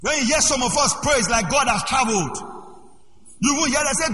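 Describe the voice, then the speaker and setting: A man preaching a sermon as pastor, moving between quiet asides and loud shouted passages. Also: very high voice, lively intonation, brisk, a little hiss or hum. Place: church hall. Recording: echoey hall with long reverb.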